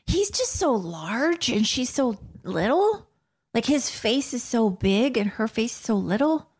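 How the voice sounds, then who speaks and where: A woman co-host talking casually on a podcast, giggly and self-deprecating. Her pitch bounces around freely as she laughs her way through. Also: sing-song, measured pace, a little mellow, slightly rough. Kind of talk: casual chat.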